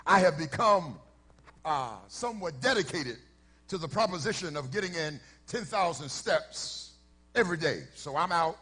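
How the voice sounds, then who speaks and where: A middle-aged man, a pastor, telling a story in a sermon before his congregation, shifting from easy conversational talk to shouted preaching. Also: fairly high pitch, husky. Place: church sanctuary before a congregation.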